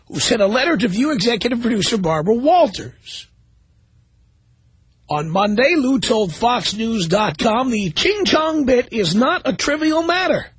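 A man's voice: very high voice, fairly bright tone, husky, no echo. A man hosting a talk radio show, reading news stories aloud and commenting on them sarcastically.

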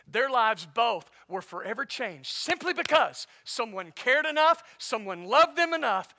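A man preaching a sermon as pastor, animated, swinging between loud and soft. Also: very high-pitched, unhurried, few pauses.

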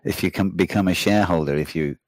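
A man chatting casually, telling rambling, animated stories and swearing freely. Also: sits low, fast talker, no echo, clean studio sound. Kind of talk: casual chat.

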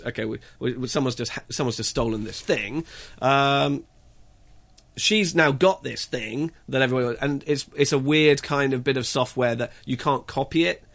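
A man reviewing a film in casual radio chat, halting and stumbling as he searches for words. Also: medium pitch, a bit bright. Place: radio studio.

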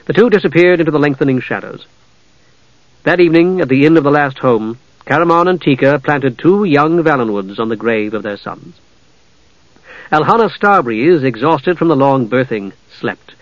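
A man narrating a fantasy audiobook in a measured, even storytelling voice. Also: on the high side, no room sound. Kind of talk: scripted narration. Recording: dull lo-fi dry audio.

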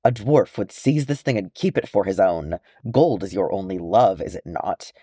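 A man's voice: low voice, expressive, moderate pace, warm tone, slightly rough, dry recording, clean studio sound. A man voicing a haughty male elf who speaks coolly and with a sneer.

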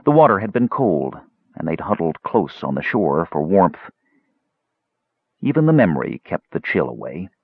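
Man narrating audiobook, very deep voice, lively intonation, husky, dull dry sound. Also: no echo. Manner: measured storytelling, lively intonation. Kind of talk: scripted narration. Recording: dull dry close-mic audiobook recording.

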